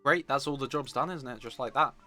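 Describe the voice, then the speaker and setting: A man's voice: mid-range voice, a little fast, pushed and bright, soft background music. A man playing a tabletop game, chatting casually and joking with the table. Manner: joking, banter. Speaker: player.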